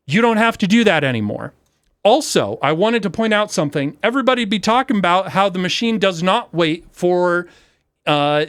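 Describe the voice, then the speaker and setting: A man with a slightly high voice, recorded close and dry with no room sound. He talks through a casual tutorial, excitable and rambling with fillers, often running himself down. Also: no echo. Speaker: maker video host. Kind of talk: casual screen-share tutorial.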